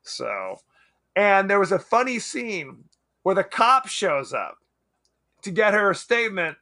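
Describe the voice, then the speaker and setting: A man with a high, lively voice co-hosts a casual movie podcast and talks with bright energy. He laughs often and acts out bits of dialogue as he goes. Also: takes it slowly. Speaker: podcast co-host. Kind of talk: casual movie review chat.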